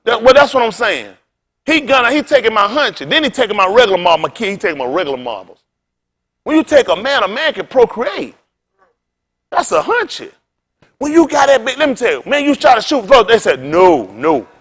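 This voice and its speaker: A man's voice: very high-pitched, sing-song, brisk, fairly bright tone. A male pastor preaching an informal sermon, folksy and colloquial, telling stories and quizzing the congregation.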